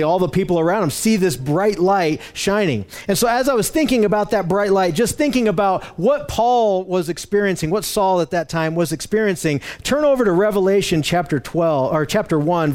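High-voiced man teaching from the Bible. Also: darkish tone. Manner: conversational, with frequent fillers and restarts; explains word by word, using slides.

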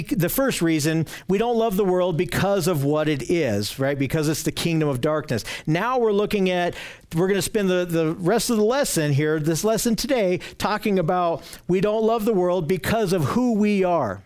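A man's voice: sits high, moderate pace, a little mellow. A man teaching a Bible study lesson, earnest and emphatic, often restarting with repeated words.

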